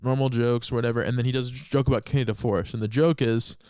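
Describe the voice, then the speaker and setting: A man's voice: mid-range voice, fairly even intonation, fast talker, a little mellow, clear, resonant tone, no echo, studio quality. A young man co-hosting a podcast, casually and animatedly retelling a story with bursts of laughter. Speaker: podcast co-host.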